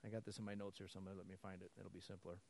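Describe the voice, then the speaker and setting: A man's voice: deep voice, very fast, vocal fry. A man preaching a sermon, telling stories with laughter and acting out both sides of conversations. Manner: animated storytelling with laughs, acting out dialogue.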